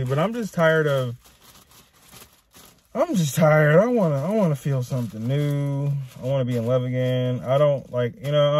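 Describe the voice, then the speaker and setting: A man's voice: mid-range voice, darkish tone, no echo. A young man venting to camera in a raw, profane, rambling rant that goes in circles. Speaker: vlogger. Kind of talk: emotional personal rant to camera.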